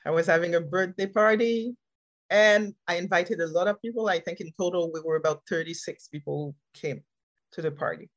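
A woman telling a personal story on a podcast, animated and laughing often, repeating key phrases for emphasis. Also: lowish voice, a little fast, lo-fi sound. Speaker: podcast speaker and life coach.

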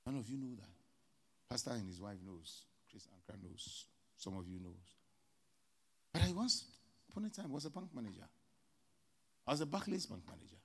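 A man preaching a sermon as pastor, with sudden loud rises and soft drops. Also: on the low side, animated, normal speed, pauses often, husky.

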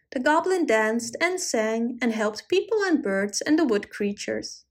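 A woman narrating a children's story aloud in a gentle, expressive reading style. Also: on the high side.

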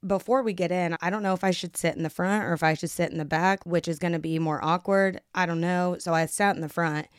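Young American woman, podcast storyteller, low smooth voice, dead dry close mic, candid and blunt. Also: fairly even intonation, no room sound. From Kansas. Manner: brisk, acts out others' lines. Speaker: podcast host. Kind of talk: casual storytelling monologue.

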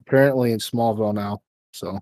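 A man's voice: lowish voice, fairly even intonation, fairly quick, a little mellow, dry recording. A man co-hosting a casual podcast, laid-back, swearing freely and steering the chat. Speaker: podcast co-host.

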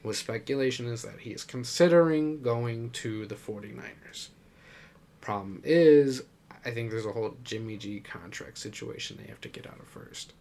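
A man's voice: medium pitch, moderate pace, darkish tone. A man co-hosting a podcast, chatting casually about sports, rambling and laughing often. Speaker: podcast co-host.

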